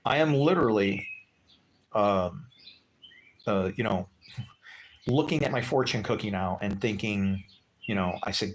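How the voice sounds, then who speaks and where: A man's voice: fairly low pitch, unhurried, long pauses, a little hiss or hum. Rambling man telling a personal story. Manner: chatty, loose, full of "like" and "right?" asides. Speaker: vlogger.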